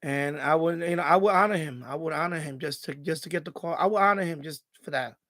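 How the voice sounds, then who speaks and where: A man's voice: on the high side, fast talker, a bit bright, no echo. A middle-aged man hosting a live stream from home, talking emotionally and getting choked up, rambling with many restarts. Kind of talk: casual live stream chat.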